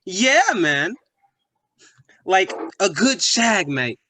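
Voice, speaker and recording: A man's voice: high voice, big pitch swings, drawn-out words, pushed and bright, no echo, full character voice. A man playing a crude, pushy young British bloke with a British accent who is boastful and full of slang. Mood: leering. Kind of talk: comedy sketch acting.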